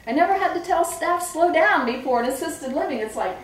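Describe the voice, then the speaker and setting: A middle-aged woman who trains staff at a memory care home, telling lively stories and acting out the voices of people she quotes. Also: very high voice, brisk, a little hiss or hum. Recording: echoey room, far from the mic.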